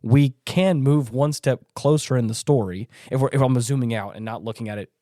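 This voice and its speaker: A young man co-hosting a podcast, talking casually about a film in a rambling, animated way and acting out the characters' lines in high voices. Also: a little fast, dry recording, clean studio sound. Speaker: podcast co-host.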